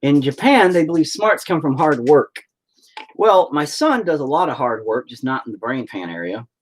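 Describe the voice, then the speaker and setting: A man's voice: on the high side, expressive, moderate pace. A middle-aged man chatting casually on a live stream, joking and teasing as a father.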